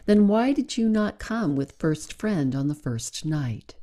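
A woman's voice: low voice, lively intonation, measured pace, dark tone. A storyteller doing a wise cave woman. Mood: dismissive.

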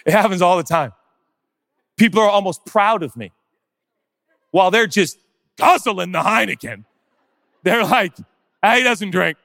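A man preaching from a stage with real passion, his fairly high voice swinging from near-hushed asides to loud, rising questions. His voice is close and dry, with a long reverb trailing into the big hall. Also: lively intonation, creaky. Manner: rapid-fire rhetorical questions. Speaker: pastor. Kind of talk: sermon.

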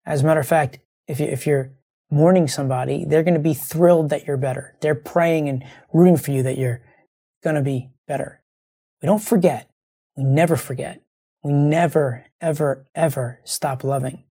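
A man hosts his show through fresh grief, holding back tears. His voice is mellow and dark, with a husky, gravelly fry. He rambles earnestly and circles back to the same phrases. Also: a little high, fairly even intonation, moderate pace. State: grieving, close to tears. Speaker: show host. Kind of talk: heartfelt monologue to listeners.

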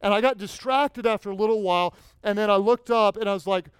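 Pastor guy preaching, animated storyteller, crisp voice, dry close sound. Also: sits high, quick pace, no room sound. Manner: animated, storytelling, prompts congregation to repeat lines. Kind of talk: sermon with call-and-response.

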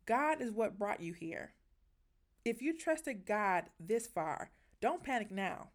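A woman hosts a faith devotional podcast in a heartfelt, preacherly voice of ordinary pitch. She stresses her words and sounds moved as she encourages her listeners. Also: animated, slow. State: emotional. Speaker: podcast host.

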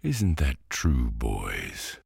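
A man's voice: rumbling low, huge pitch swings, very slow, vocal fry, darkish tone, slightly rough, no room sound, clean studio sound, full character voice. A man voicing a grand, lordly talking pumpkin in a bedtime storybook reading.

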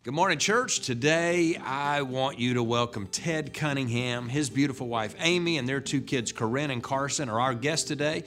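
An earnest man welcomes a guest speaker to his church in a halting, sincere manner. Soft music plays under his words. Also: mid-range voice. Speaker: pastor introducing a guest. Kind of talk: church announcement.

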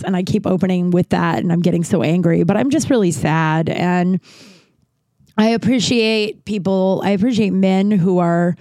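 Solo podcast host, woman, mellow voice, heated and profane, recorded dry in a closet. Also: on the low side, no room sound. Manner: heated, frustrated, swears often. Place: her closet.

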